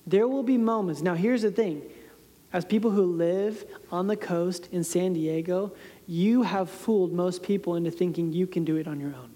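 This storytelling sermon comes from a pastor in his thirties who keeps things conversational and often chuckles at his own expense. His warm voice sits high and moves at a moderate pace, with hall reverb around it.

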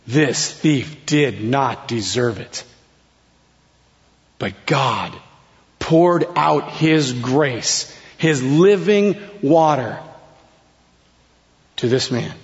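Slow, dramatic preacher in an echoing hall. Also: male voice, mid-range voice, animated. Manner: slow, dramatic delivery with sudden soft drops. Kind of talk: sermon. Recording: long hall reverb, dull lo-fi sound.

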